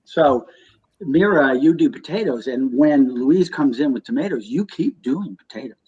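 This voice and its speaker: A man's voice: mid-range voice, lively intonation, normal speed, darkish tone, husky. A man in a comedy sketch, giving fussy notes to a group rehearsal. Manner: fussy, explanatory, chimes in. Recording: dull lo-fi sound.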